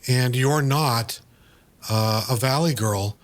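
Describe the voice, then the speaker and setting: A man, the writer of the piece, giving script notes in a discursive, halting way with many fillers, over a video call. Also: medium pitch. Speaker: writer and director.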